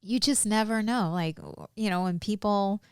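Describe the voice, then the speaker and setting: A woman's voice: mid-range voice, normal speed, smooth, dry recording, studio quality. A woman on a podcast, chatting casually and answering the stories with laughing, supportive remarks. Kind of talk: casual chat.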